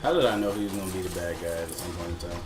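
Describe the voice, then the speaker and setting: A man's voice: sits low, very fast, reverberant, distant mic, music in the background. An easygoing man who laughs often, chatting casually about games. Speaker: podcast co-host. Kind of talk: casual gaming chat.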